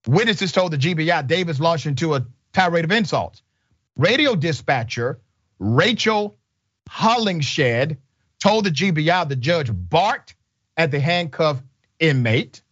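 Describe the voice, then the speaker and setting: A man's voice: on the high side, animated, a little slow, fairly bright tone, slightly rough, dry recording. A man hosting a commentary show, talking in an emphatic, indignant way and leaning on rhetorical questions. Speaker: show host. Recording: dull dry sound.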